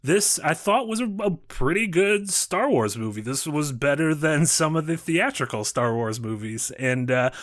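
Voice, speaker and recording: A man's voice: a little high, lively intonation, moderate pace, few pauses, fairly bright tone. A man hosting a casual panel discussion, upbeat and conversational as he steers the talk. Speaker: show host.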